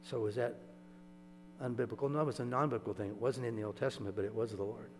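A man delivers a sermon in a large hall, telling stories in a loose, chatty way and pausing to ask if his listeners are with him. His voice sits at a middling pitch, and the long reverb of the room trails after each phrase. A faint electrical hum runs underneath the recording. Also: steady tone. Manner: conversational storytelling, checks in with listeners. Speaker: preacher. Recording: echoey hall with mains hum.

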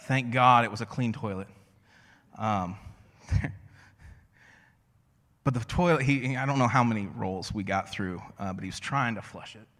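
A man preaching a sermon as a pastor, conversational and storytelling, slowing to a hush on key phrases. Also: fairly low pitch, big-room sound. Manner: conversational, storytelling with self-deprecating asides.

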